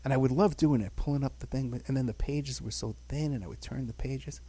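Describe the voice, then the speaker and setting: This guest, in his sixties and from the Bronx, talks fast in a mellow mid-range voice. He drifts through stories of his childhood in a relaxed podcast conversation, chuckling along the way and leaning heavily on "you know."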